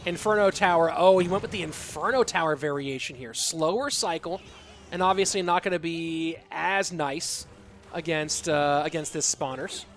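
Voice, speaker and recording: A man casting a live esports match, excitable and rambling, with chatty asides to the viewers. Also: a little high, moderate pace, soft background music. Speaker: esports caster and streamer. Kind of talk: live esports commentary with chat reading.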